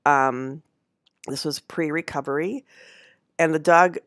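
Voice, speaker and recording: A woman with a low voice tells a personal story casually to her viewers. She rambles, corrects herself and laughs often. The sound is close and dry. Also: slow pace, fairly bright tone, no echo. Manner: rambling, with fillers and self-corrections. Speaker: handknitter.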